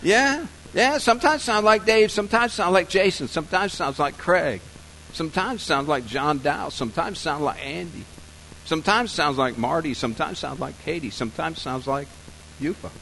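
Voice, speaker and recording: A man preaching a sermon, telling a story softly and slowly, then building to loud, emphatic points. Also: fairly high pitch, lively intonation, gravelly, rough recording. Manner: storytelling, soft and slow in scenes, rising loud and emphatic for points. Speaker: pastor.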